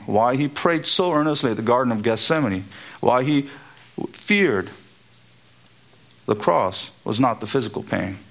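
A man preaching an expository sermon, emphatic and building to high, repeated exhortations. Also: gravelly, fairly bright tone.

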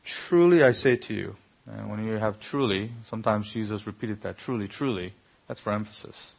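Preaching in a husky, gravelly voice of fairly low pitch and normal speed, this pastor hits key words hard and fires pointed rhetorical questions at the congregation. The audio sounds dull and lo-fi.

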